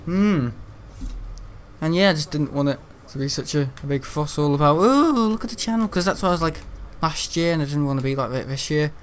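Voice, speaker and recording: A man streaming a game and talking loosely to his viewers. His voice sits a little high for a man, and he rambles and grumbles with frequent laughter. A faint hiss of noise sits under the voice. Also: fairly quick. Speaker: gaming live streamer. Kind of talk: casual livestream chat while playing.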